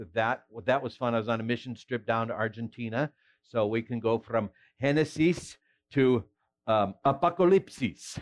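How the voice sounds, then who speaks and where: A man leading a children's ministry session, relaxed and self-deprecating, with rambling asides. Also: mid-range voice. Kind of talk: casual children's church teaching.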